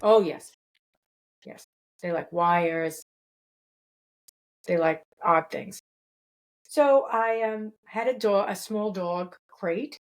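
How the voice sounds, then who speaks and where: A woman's voice: lowish voice, slow pace, long pauses, poor audio. A woman host on a video call, telling a personal story in a rambling, casual way. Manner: rambling, many restarts. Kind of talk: casual chat.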